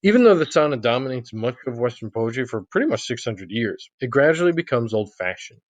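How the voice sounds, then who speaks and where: A man's voice: medium pitch, big pitch swings, a little fast, no echo. A male literature lecturer giving a recorded online lecture, speaking conversationally with frequent "you know" fillers.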